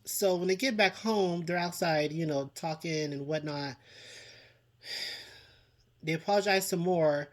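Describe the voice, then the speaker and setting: A man's voice: a little high, a little slow, long pauses. A man giving a chatty TV review in a casual vlog, with dramatic reactions and frequent laughs. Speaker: TV show reviewer.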